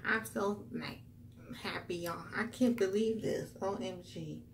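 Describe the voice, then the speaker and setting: A woman's voice: mid-range voice, a little slow, slight background noise. Gushing young woman. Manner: gushing, exclaims "wow" often, addresses viewers as y'all. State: teary. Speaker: vlogger. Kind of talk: casual unboxing vlog.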